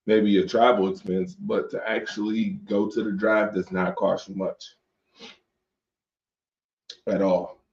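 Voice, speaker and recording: Laid-back man hosting a sports show. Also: fairly low pitch. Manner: loose, joking banter, reading comments aloud. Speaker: host of a late-night sports talk show. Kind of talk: casual chat with viewers. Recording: dull lo-fi stream audio.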